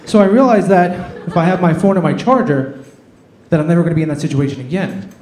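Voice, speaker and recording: A man's voice: a little high, fast, darkish tone. A man doing a stand-up set on a comedy club stage, telling self-deprecating stories into a handheld mic. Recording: echoey club room.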